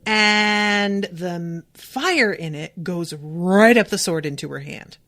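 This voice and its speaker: Young woman podcaster, slow delivery, reads a book aloud and reacts with casual swearing. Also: on the low side. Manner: casual, swears freely, breaks into excited reactions. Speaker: podcast host. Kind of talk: reading a novel aloud and reacting.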